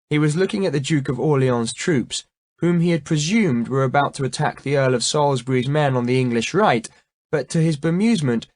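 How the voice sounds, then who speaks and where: A man narrating a historical novel as an audiobook, measured and dramatic. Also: mid-range voice, no echo. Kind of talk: scripted narration.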